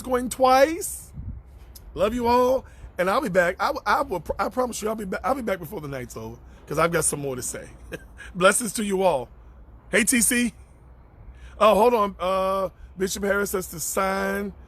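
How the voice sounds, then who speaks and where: With a high-pitched, somewhat bright voice, this man preaches on a live stream, responding to comments he reads aloud. He repeats phrases for emphasis and pauses between thoughts to greet viewers by name.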